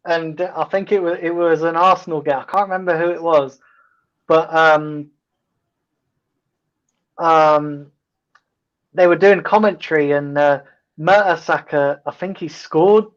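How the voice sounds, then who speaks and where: A man hosting a casual football watch-along, telling stories in a rambling, halting way with many ums and restarts. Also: a little high, steady tone, muffled recording. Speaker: host.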